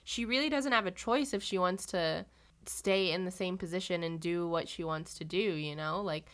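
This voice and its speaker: A woman's voice: fairly low pitch, normal speed. A young woman co-hosting a podcast, rambling casually with many "like"s and playfully imitating characters as she recaps a TV episode. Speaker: podcast co-host.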